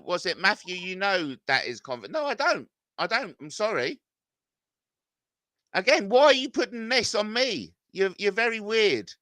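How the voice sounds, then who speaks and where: A middle-aged man reads viewer comments aloud and argues back at them, swearing and getting worked up. His voice sits a touch high and sounds sharp and bright. It is recorded close and completely dry. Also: no room sound. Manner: agitated, swearing, voice climbs when confronted. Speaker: YouTuber reading comments. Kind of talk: ranting reaction to viewer comments.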